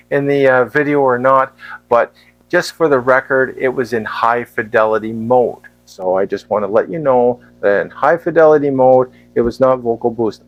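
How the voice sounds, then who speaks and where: A man with a medium-pitched voice reviews a wireless handheld mic indoors, plainly asking the viewer if they can hear his voice and the fan running nearby. The audio is poor, with a faint fan hum in the background of this product test vlog.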